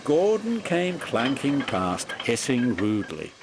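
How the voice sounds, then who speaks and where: A man narrating a children's storybook in a measured storytelling voice. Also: medium pitch, huge pitch swings, background noise.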